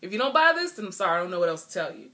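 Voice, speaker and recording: A woman's voice: lowish voice, big pitch swings, racing, bright, forceful tone, heavily acted. A woman mocking a smug diet-book seller.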